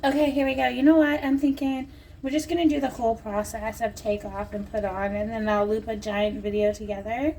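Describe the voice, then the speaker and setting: Her delivery is flat and brisk, her voice a little high and warm in tone. She's a home vlogger selling nail strips, casually rambling and cracking jokes to camera, recorded on a distant mic with noticeable background noise.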